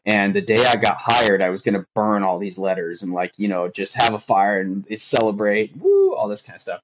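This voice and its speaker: On a podcast, a firefighter guest with a lowish voice tells his own story at a moderate pace, very animated and emotional. His earnest retelling rambles with lots of fillers, and the audio quality is poor.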